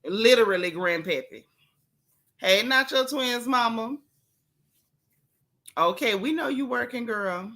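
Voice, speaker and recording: A sassy woman from Central Florida hosts a live gossip stream, blunt and outspoken as she talks straight to her chat. Her voice sits a little high and sounds bright and sharp. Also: lively intonation, slow, pauses often. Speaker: livestream gossip host.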